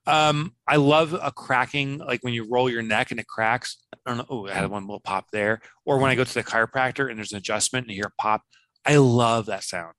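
A man in his fifties, a business author guest, chatting casually in an interview and acting out quotes with lively swings of voice. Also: medium pitch, brisk, no echo. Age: 50s. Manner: animated, laughs easily, acts out quotes.

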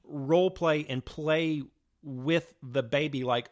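A man's voice: a little high, steady tone, takes it slowly. A man in his thirties co-hosting a casual chat, explaining his thoughts with lots of hedges and fillers. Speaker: podcast co-host.

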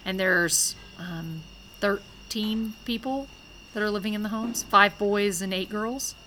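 A woman's voice: medium pitch, takes it slowly, pushed and bright, poor audio. A woman guest on a podcast explaining things plainly in casual conversation. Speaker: sponsor and guest. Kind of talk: casual interview talk. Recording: field recording with faint background noise.

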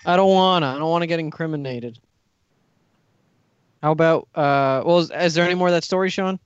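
A man's voice: fairly high pitch, brisk, clean tone, dry recording, muffled recording. A man co-hosting a podcast, chatting casually and joking with friends. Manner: laid-back, joking, wraps up the show. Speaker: podcast co-host. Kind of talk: casual group chat.

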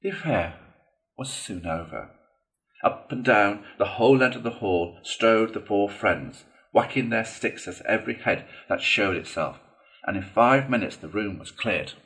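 A man's voice: on the low side, expressive, measured pace, fairly bright tone. Man reading a classic storybook aloud. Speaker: audiobook reader. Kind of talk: storybook narration.

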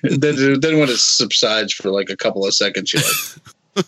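A man's voice: medium pitch, expressive, normal speed, sharp tone, no room sound, poor audio. A man in his forties chatting as a podcast guest, rambling with lots of restarts and playful little voice bits. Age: 40s. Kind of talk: casual podcast chat.

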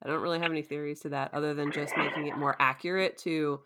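A woman's voice: deep voice, fairly even intonation, fast talker, a bit bright. A woman hosting a casual podcast, chatty and laughing often as she recaps a show and acts out quotes. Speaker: podcast host.

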